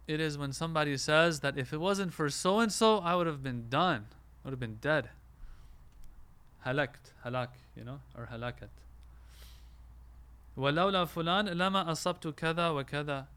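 A man delivers a religious lecture in a slightly raised voice. He explains patiently, asks questions of his listeners and answers them himself. He reads Arabic quotations quickly. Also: fairly high pitch, fairly bright tone, clean tone. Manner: recites Arabic quotations rapidly.

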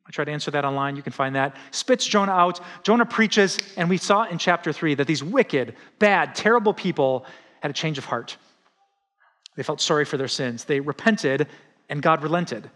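A middle-aged man preaching a sermon as pastor, animated and conversational, often acting out quotes. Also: on the high side, moderate pace. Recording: reverberant hall.

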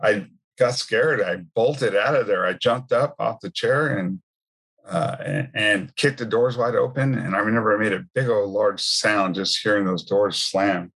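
A man with a low, husky voice tells his faith testimony. He talks in a loose, conversational way and keeps adding asides. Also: unhurried, a bit bright. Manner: conversational storytelling with many asides. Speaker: speaker sharing his testimony.

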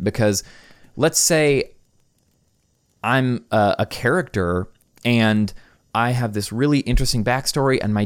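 Young guy rambling on his solo podcast, kinda low voice, dry close mic. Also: dry recording. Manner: casual, rambling, many fillers. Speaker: podcast host. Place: room in his house. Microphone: studio microphone.

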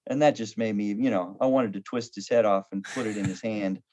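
A man's voice: on the low side, brisk. A man in his fifties, a pastor and counselor, telling stories in conversation with humor and acted-out quotes. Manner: humorous, animated, acts out quoted voices. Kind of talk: conversational storytelling on a podcast. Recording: dull lo-fi audio.

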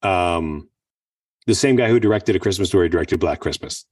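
A man with a very deep voice co-hosting a movie podcast, giving short agreeing replies and dry jokes. He sounds a little distant from the mic, in a dead, dry room. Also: normal speed, husky, dry recording. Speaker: podcast co-host. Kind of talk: casual chat about movies.

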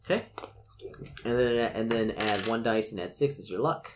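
A man serving as game master who reads a gamebook aloud in a relaxed podcast session and narrates expressively. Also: on the low side, normal speed, slight background noise.

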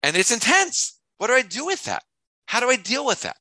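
A man teaching a class as a rabbi, expressive and conversational, full of rhetorical questions and asides. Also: very high voice, a little fast, dry recording, poor audio. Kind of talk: animated online lecture.

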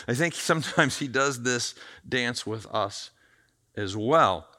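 A man preaching a conversational sermon, acting out the quoted voices with lively shifts in loudness. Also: mid-range voice, takes it slowly. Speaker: pastor.

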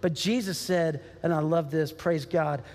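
A man preaching a sermon as pastor, animated and chuckling as he acts out the voices of his congregation. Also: a little high, measured pace. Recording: long hall reverb.

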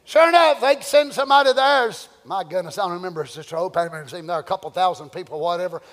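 An older man preaching a sermon, swinging between loud shouting and quiet storytelling. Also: sits high, fast talker, big-room sound. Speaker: pastor.

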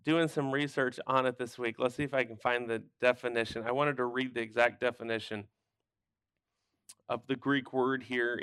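Guy teaching sunday school, bright crisp voice, punchy when he gets going. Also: mid-range voice, no room sound, studio quality. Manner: explains scripture with rising emphatic bursts. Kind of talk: Bible lesson.

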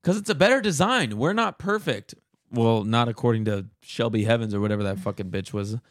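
A man's voice: mid-range voice, expressive, brisk, no room sound, clean studio sound. A man co-hosting a casual podcast, teasing and sarcastic in his banter. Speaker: podcast co-host and editor.

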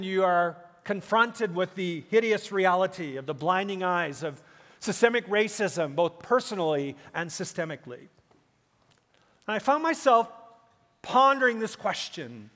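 A man's voice: high-pitched, lively intonation, measured pace, fairly bright tone. A man in his fifties preaching a sermon as pastor, emphatic and full of rhetorical questions, with frequent "uh" fillers. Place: large church sanctuary. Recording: long hall reverb in a church.

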